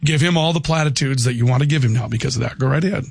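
A man's voice: medium pitch, very fast, gravelly, husky, no echo. A man hosting a radio show who reads listener texts and teases his guest in a playful way. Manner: playful, teasing. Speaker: radio host. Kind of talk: casual radio chat.

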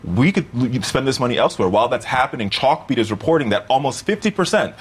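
Man, political commentator, husky, argumentative. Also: medium pitch, lively intonation, fast talker. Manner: argumentative, builds points in lists. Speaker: political commentator, contributing writer. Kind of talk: TV panel debate.

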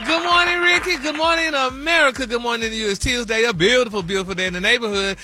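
A man's voice: extremely high pitch, bright, forceful tone. A man hosting celebrity news on a radio show, sassy and gossipy, calling everyone honey and y'all. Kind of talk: gossipy casual talk radio.

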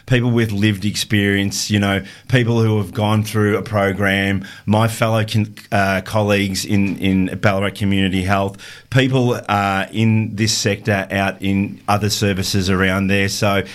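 A man's voice: lowish voice, level tone, normal speed. A man co-hosting a community radio show, upbeat and rambling with fillers and restarts. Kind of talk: casual radio chat.

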